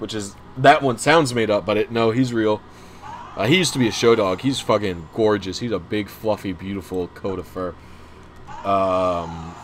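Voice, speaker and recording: A man's voice: on the low side, a little hiss or hum. A young man chatting casually on a livestream, rambling and self-deprecating as he talks to viewers. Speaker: streamer.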